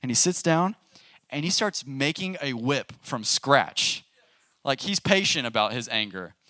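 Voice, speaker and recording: A man's voice: mid-range voice, lively intonation, a little slow, pushed and bright, dry recording, clean studio sound. A young adult man giving a conversational sermon as a youth pastor, casually asking the audience questions. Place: church youth service room.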